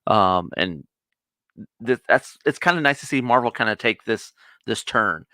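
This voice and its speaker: A man's voice: lowish voice, expressive, measured pace, sharp tone, no echo. A man co-hosting a casual review chat, eagerly retelling a TV episode in a rambling way. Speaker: co-host of a nerd review show.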